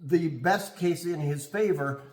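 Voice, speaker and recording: A man co-hosting a casual podcast chat, talking haltingly as he searches for words. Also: on the high side, darkish tone, reverberant. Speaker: podcast co-host.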